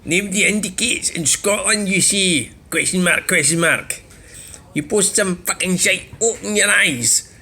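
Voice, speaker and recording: A man's voice: high-pitched, unhurried, pushed and bright, husky, voice pushed up, heavily acted. A man voicing an angry, sweary male online commenter, scolding and crude. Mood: scornful.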